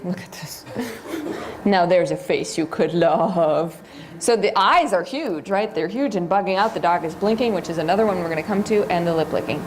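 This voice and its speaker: A woman's voice: mid-range voice, a little hiss or hum. A woman giving a live seminar lecture to a room of listeners, talking them through video clips in a chatty way and quizzing them as she goes. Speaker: seminar instructor.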